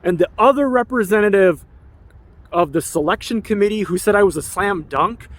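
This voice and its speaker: A man's voice: high voice, moderate pace. A man in his forties, an activist, delivering an emotional, rambling personal documentary monologue with an aggrieved tone. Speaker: activist and filmmaker.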